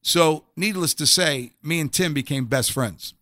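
This middle-aged guest speaks at a fairly high pitch, unhurried yet bright and forceful, with no echo on the recording. He shares his faith testimony in an interview, earnest and emphatic, frequently doubling the opening word of a phrase.

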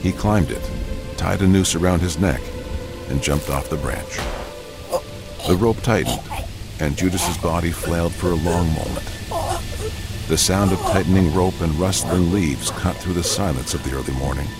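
Deep voiced guy narrating a bible audio drama, slow and serious, music under.

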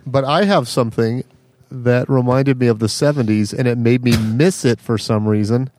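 A man's voice: medium pitch, normal speed, a little mellow, slight background noise. A man co-hosting a podcast in casual banter, firing off blunt, curious questions. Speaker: podcast co-host.

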